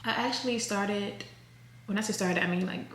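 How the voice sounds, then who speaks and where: A woman's voice: medium pitch, normal speed, fairly bright tone, reverberant, a little hiss or hum. A woman, chatting casually to camera as a vlogger, rambling and correcting herself as she goes. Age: 30s.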